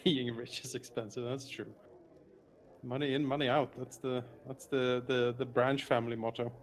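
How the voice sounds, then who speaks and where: A man's voice: mid-range voice, flat delivery, normal speed. A man narrating as dungeon master in a tabletop game, laughing often and talking with hesitant fillers.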